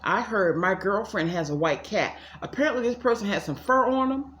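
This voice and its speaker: A woman's voice: mid-range voice, animated, moderate pace, fairly bright tone, reverberant, lo-fi sound, slight background noise. A woman giving a casual tarot reading at home, chatty and repetitive, talking straight to her viewers. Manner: chatty, addresses viewers as y'all, repeats herself. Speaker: psychic tarot reader.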